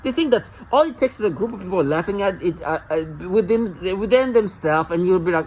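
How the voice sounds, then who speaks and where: A man's voice: high voice, animated, fairly quick, hardly any pauses, darkish tone, a little hiss or hum, rough recording. A man vlogging alone in a rambling, agitated and mocking rant, often stumbling and restarting his sentences. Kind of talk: rambling monologue to camera.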